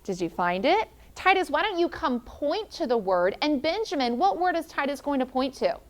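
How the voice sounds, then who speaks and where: A woman teacher leading a classroom phonics lesson, encouraging children and sounding out letters slowly. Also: high voice, very animated, slight background noise.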